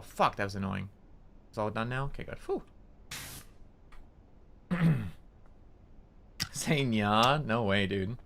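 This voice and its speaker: A man's voice: fairly low pitch, gravelly, noisy background. A young man streaming a game, chatting casually and rambling, with a nasal tone. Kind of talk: casual gameplay commentary.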